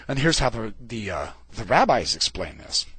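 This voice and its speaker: A man lecturing informally on scripture, swinging his pitch widely for dramatic emphasis. His voice is husky and a little high. The sound is close and dry. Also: moderate pace, no echo. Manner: animated, colloquial asides, dramatic emphasis.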